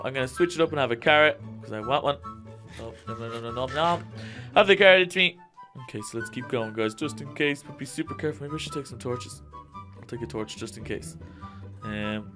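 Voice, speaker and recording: A man giving let's-play commentary, jittery and excitable, talking straight to his viewers. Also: mid-range voice. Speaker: gaming YouTuber.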